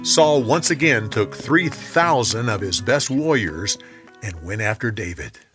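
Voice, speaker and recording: A man narrating a Bible story in a calm, measured, scripted way. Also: lowish voice, over music.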